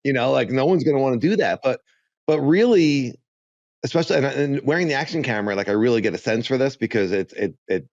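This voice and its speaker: A man's voice: mid-range voice, animated, fast talker, darkish tone, no room sound. Chatty man on a dull dry podcast mic. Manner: rambling, many restarts, upbeat. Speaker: podcast co-host. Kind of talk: casual podcast chat. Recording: slightly dull, dry sound.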